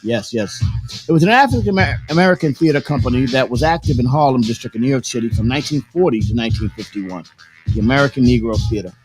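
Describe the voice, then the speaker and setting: A man hosting a casual live stream, telling loud, profane stories with lots of laughter and sing-song bits. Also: mid-range voice, lively intonation, quick pace, faint music behind. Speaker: host.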